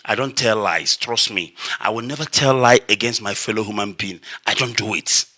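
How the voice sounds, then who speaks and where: A man's voice: lowish voice, normal speed, sharp tone. A man with a Nigerian Igbo accent, a radio broadcaster delivering an impassioned, emphatic monologue, repeating his points for weight. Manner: emphatic, repetitive, declamatory.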